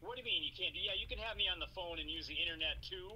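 A man's voice: high-pitched, huge pitch swings, racing, creaky, bright, forceful tone, rough recording. A man calling into a show, joking in crude, slangy casual banter. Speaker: caller.

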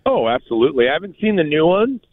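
A man chatting casually, telling animated stories and acting out what people said, with lots of "like" and "bro". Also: fairly high pitch, fast, no room sound. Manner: animated storyteller, acts out quotes, says "like" and "bro" often. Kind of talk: casual chat. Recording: dry, phone-like sound.

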